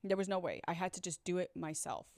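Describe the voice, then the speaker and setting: A woman's voice: lowish voice, fast talker, no echo, clean studio sound. A woman telling her own story in a casual vlog, blunt and candid, swearing freely and talking straight to her viewers. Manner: animated, talks straight to viewers. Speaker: storyteller recounting a past relationship. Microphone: own microphone.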